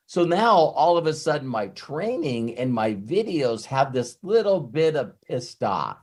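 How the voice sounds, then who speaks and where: A man giving an off-the-cuff motivational talk as a network marketing trainer, rambling and animated, swearing freely and often breaking off and restarting his sentences. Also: fairly high pitch, normal speed, few pauses. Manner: frequent restarts and self-interruptions.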